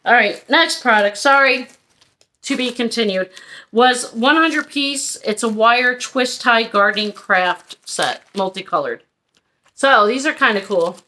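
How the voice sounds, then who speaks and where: Chatty woman haul vlogger, bright and forward voice, frank and rambling. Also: on the high side, measured pace. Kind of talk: casual haul review.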